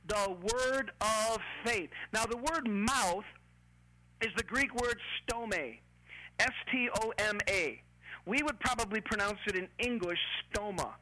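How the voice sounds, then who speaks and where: A preacher delivers a sermon with emphatic, deliberate phrasing and frequent repetition. The voice has a bright, forceful edge, and a faint hum sits underneath. It sounds like a church service. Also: mid-range voice, low-quality recording. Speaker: pastor.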